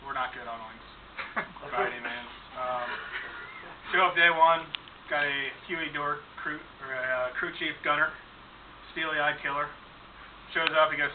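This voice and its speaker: A man's voice: a little high, fairly even intonation, measured pace, pauses often. Male flight instructor, dry humorous speech, with fillers, on a distant, phone-like, noisy recording. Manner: dry storytelling with fillers and chuckles. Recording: far-off mic, phone-like sound, noisy room.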